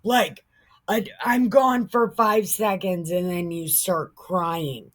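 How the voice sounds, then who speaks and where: A woman's voice: on the low side, steady tone, slow pace. A woman voicing an exasperated young male king who swears bluntly and talks in a crude, incredulous way.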